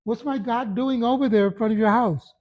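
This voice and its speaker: A man's voice: extremely high pitch, fairly quick, dull audio, voice pushed up. A man doing a defiant freed slave, taunting. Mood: mocking. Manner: taunting, bold.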